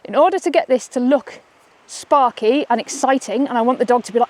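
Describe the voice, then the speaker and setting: A woman's voice: high voice, fast, few pauses, a little mellow. A woman and dog trainer giving a chatty, upbeat outdoor demonstration on a walk, often checking in with "okay?". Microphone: camera she holds while walking.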